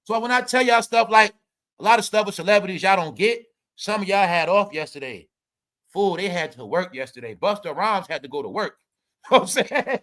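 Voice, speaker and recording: A commentary host with a high, expressive voice rants casually about celebrity gossip at a fairly quick pace. He's loud, laughs often, swears, and talks straight to his viewers, calling them y'all.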